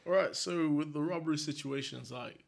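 A man's voice: on the high side, normal speed, gravelly. A young adult man from England, a guest telling a story in a casual, slangy, laid-back way and laughing often.

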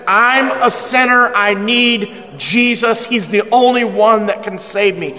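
Middle-aged male pastor, high voice, emphatic and joking, echoing church hall. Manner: energetic, humorous, emphatic preaching, slowing down for scripture. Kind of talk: sermon.

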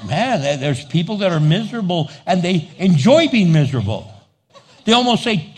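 A man preaching a sermon as pastor, animated, acting out little dialogues and laughing often. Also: on the high side, normal speed, a little hiss or hum. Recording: long hall reverb.

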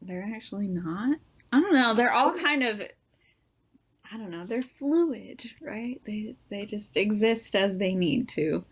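A woman's voice: mid-range voice, animated, unhurried, husky. A young woman speaking as a guest in a casual chat, rambling a little and laughing through her stories.

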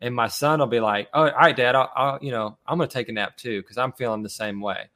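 A man's voice: medium pitch, quick pace, a bit bright. A man hosting a casual podcast discussion among fathers, talking earnestly with many fillers and restarts. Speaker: podcast host leading discussion.

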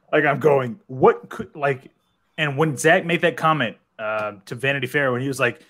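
A man in his thirties on a podcast panel, talking excitedly in casual chat and saying "dude" and "like" a lot. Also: mid-range voice, moderate pace.

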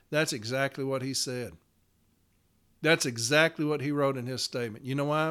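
A man's voice: mid-range voice, a bit bright. A man telling a work story in a casual podcast as a union representative, blunt and emphatic, swearing freely.

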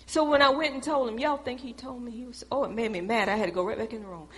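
A woman's voice: a little high, fast talker, long reverb tail. A woman preaching a sermon in a church, talking straight to the congregation in a conversational, emphatic way.

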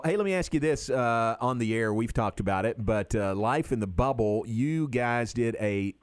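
A man's voice: lowish voice, dry recording. Easygoing male radio host, dry studio. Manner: easygoing, jokey interviewer. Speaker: radio talk show host. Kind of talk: radio interview.

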